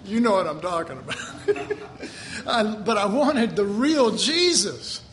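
A man preaching a sermon, animated, acting out quoted voices with sudden exclamations and chuckling often as he talks. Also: high-pitched, a little slow. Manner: chuckles often while talking.

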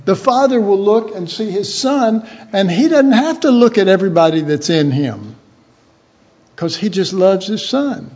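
A man with a high-pitched voice teaches the Bible in a slow, unhurried way. He keeps it informal and chatty, acting out little imagined dialogues as he goes. The recording sounds dull and lo-fi. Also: animated, a little mellow.

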